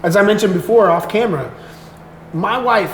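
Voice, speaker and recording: A raspy-voiced American man talks easily as a podcast guest, his voice sitting a little high. He tells relaxed stories in an echoey room with a faint hiss behind him. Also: normal speed. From United States. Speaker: guest content creator. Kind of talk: casual podcast chat.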